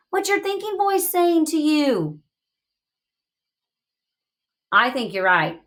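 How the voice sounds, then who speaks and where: A woman teaching young children in a read-aloud lesson, asking questions in an expressive, encouraging way. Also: high-pitched, slow pace, pauses often.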